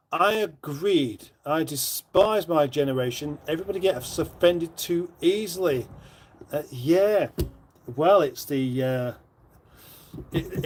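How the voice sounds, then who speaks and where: A man chats his way through a live stream from his kitchen, his voice sitting a little higher than most men's. He reads viewer messages aloud and answers them in a rambling, dry and self-mocking way. He sounds middle-aged and easygoing. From northern England. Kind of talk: casual live stream chat, reading out viewer comments. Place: home kitchen.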